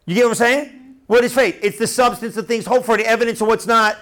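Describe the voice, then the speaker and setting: A male preacher delivering a sermon with a fairly high voice. He talks loosely and conversationally, circling back on phrases and checking in with the room. His tone stays animated and direct. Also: fast talker. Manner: conversational, animated, repeats and restarts phrases, asks the room questions.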